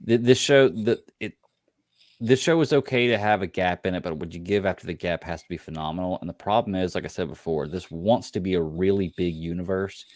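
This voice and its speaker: A man co-hosting a podcast, talking casually and telling things in an animated, exasperated way with many restarts. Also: low-pitched, brisk, no room sound, clean studio sound. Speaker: podcast co-host. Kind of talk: casual chat.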